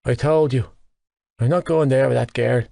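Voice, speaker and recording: A man's voice: medium pitch, steady tone, normal speed, mellow, no echo, close to an everyday voice. An irritable teenage rugby player who growls and snaps back, as a male reader puts him on. His lines sit a little above the narrator's plain tone, clipped and short-tempered. The recording is dry and close. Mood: snappish. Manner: gruff, irritable, swearing. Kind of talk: audiobook character voice.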